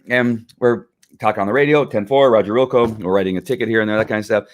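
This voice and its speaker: A man's voice: fairly low pitch, fast talker. A middle-aged man hosting a live stream on police training, talking in an earnest, fired-up way with many restarts and fillers. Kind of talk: live-streamed casual talk.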